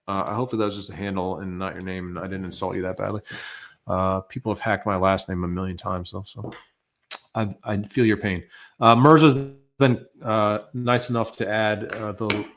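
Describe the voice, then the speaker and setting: A man's voice: lowish voice, fairly bright tone. An American man presenting a live webinar, talking loosely and conversationally with many fillers as he answers viewer questions.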